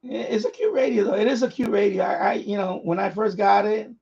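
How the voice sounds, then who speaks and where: High raspy-voiced man, rambling chat. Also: fast, a little mellow, lo-fi sound. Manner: rambling, repeats himself, chuckles often. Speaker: radio hobby live-stream host. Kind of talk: casual live-stream chat.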